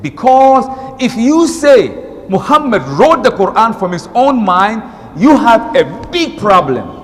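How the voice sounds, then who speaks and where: Animated Nigerian preacher in a reverberant hall. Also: male voice, sits high, a little slow. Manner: animated, emphatic, switches into recited Arabic verses. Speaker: Islamic preacher. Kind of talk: sermon.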